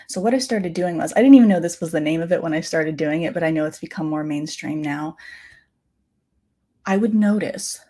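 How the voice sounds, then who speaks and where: A woman in her thirties talks into her podcast mic in an earnest, confiding tone. Her voice is somewhat low, mellow and dark, with a husky edge. She often slows right down to stress a point. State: close to tears at times. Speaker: podcast host. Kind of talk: reflective personal talk.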